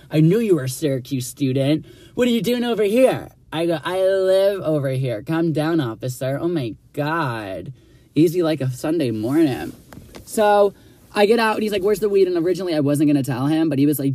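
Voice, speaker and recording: A young man rattles through a story in a chatty, dramatic, sassy way, swearing freely and packing in fillers. His voice sits a little high for a man. The sound is dry and close, with no room in it. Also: darkish tone, dry recording. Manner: chatty, profane, filler-heavy with constant "like". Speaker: vlogger telling a personal story. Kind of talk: casual storytime monologue.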